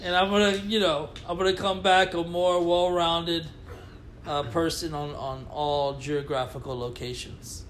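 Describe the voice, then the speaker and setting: A man's voice: a little high, steady tone, measured pace, background noise. A man from Puerto Rico, co-hosting a casual wrestling chat, joking and swearing easily. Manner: joking, mock-formal apologies, swears casually. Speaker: podcast co-host.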